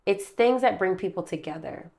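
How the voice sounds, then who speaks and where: A woman's voice: mid-range voice, animated, moderate pace, darkish tone. A woman giving a casual tarot reading to camera from her room at home, chatty and rambling, calling her viewers babe and baby. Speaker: tarot reader.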